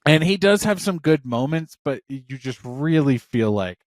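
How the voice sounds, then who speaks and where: A man in his thirties co-hosts a podcast, rambling excitedly and swearing freely as he talks films. The sound is dry and close to the mic, with no room around him. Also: fairly high pitch, moderate pace, no room sound. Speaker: podcast co-host. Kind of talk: casual chat.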